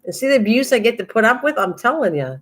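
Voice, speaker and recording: An older woman hosts a craft livestream in a slightly high voice. She rambles in easy, chatty talk, addresses her viewers by name, and keeps bursting into laughter. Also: very animated, fast talker. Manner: talks directly to chat viewers by name. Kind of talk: casual livestream chat.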